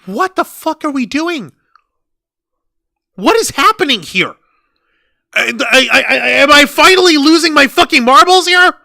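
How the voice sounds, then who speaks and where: A man ranting about wrestling on a podcast, swearing freely and turning sarcastic. His voice sits high and cuts sharply. The recording is dry and close. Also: expressive, a little slow, vocal fry, pauses often, sharp tone, dry recording. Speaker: podcast co-host. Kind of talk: heated wrestling review chat.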